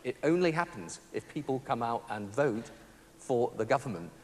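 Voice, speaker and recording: A man's voice: medium pitch, big pitch swings, normal speed, long reverb tail, a little hiss or hum. A man answering a reporter's questions informally, hesitating and repeating words.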